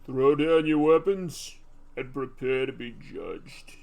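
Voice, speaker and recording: A man impersonating a stern male action-hero lawman, growling slowly and away from the mic. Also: medium pitch, gravelly, a little mellow. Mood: menacing.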